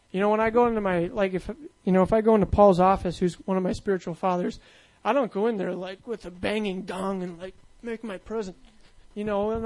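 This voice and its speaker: High-voiced man preaching casually. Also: a little mellow, low-quality recording. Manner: casual, conversational preaching with many fillers. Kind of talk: sermon.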